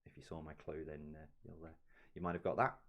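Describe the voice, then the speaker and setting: A man with a deep, low voice works through a quiz round by round. He reads each question, gives the answer, and now and then drops in a relaxed aside. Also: fast, muffled recording. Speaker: quiz host. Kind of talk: live-streamed pub quiz answer reading.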